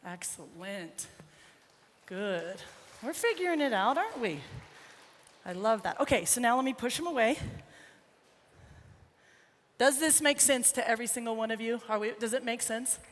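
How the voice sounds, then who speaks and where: A woman's voice: a little high, lively intonation, normal speed, long pauses. Woman horse trainer, chatty, encouraging, live demo, long arena reverb, faint background noise. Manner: chatty, encouraging, talks to the colt and crowd. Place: large indoor horse arena.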